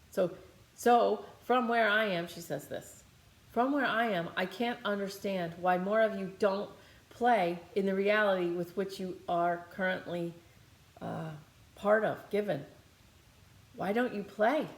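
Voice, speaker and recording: A woman's voice: mid-range voice, a little slow, echoey room. Rambling woman leading a healing meditation. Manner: rambling, conversational, many fillers. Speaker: meditation teacher. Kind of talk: guided meditation talk, channeling.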